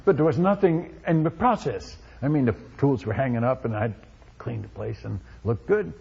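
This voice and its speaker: A male missionary telling a testimony story in an animated way, with many restarts, on a dull recording. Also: mid-range voice, moderate pace, creaky, slightly rough. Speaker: missionary speaker.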